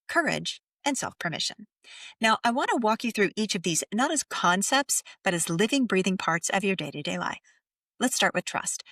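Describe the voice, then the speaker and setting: Soft-spoken woman podcast host, dry sound. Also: lowish voice, dry recording, far from the mic. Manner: soft, slow and soothing, drops to near whispers. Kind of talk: gentle guided reflection.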